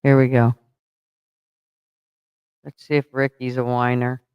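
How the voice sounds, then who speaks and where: A man's voice: medium pitch, completely flat delivery, slow pace, clear, resonant tone, no echo, highs cut off. A man hosting a casual livestream, rambling to himself while he fumbles with the setup, blunt and profane as he scolds his chat in jest. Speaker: livestream host.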